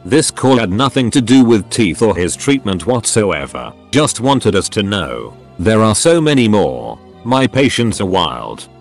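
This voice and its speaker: A man giving scripted narration of online stories, reading them aloud in a lively storytelling manner. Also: fairly low pitch. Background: faint background music.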